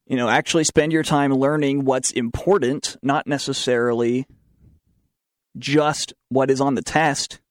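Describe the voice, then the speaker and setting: A man's voice: mid-range voice, steady tone, a little slow, dry recording, clean studio sound. A young man with a Southern American accent hosting a student talk show, giving sarcastic opinions and reading news items aloud. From southern United States. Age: young adult. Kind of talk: opinionated talk radio monologue.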